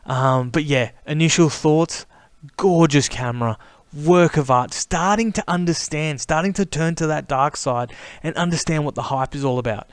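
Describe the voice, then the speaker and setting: A man in a casual, enthusiastic vlog monologue, chatty and animated, often calling the listener mate. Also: on the high side, moderate pace, clean tone, no room sound. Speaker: camera vlogger.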